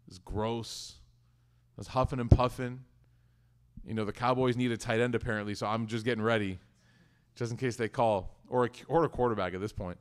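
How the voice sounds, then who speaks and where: A man's voice: medium pitch, fairly even intonation, brisk, smooth. Joking, conversational man giving a religious talk. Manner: conversational and joking, with frequent restarts. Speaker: speaker at a community study circle. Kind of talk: casual religious talk with personal stories.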